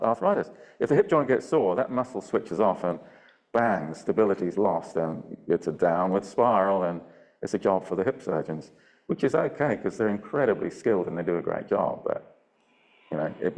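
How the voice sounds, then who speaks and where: An older man with a fairly low voice leads a Pilates class over a video call. He talks in an easy, gentle way, cueing each breath and movement and pausing to check that his students are keeping up. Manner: calm, gentle cueing with frequent check-ins. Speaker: Pilates instructor. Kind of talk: live online class instruction.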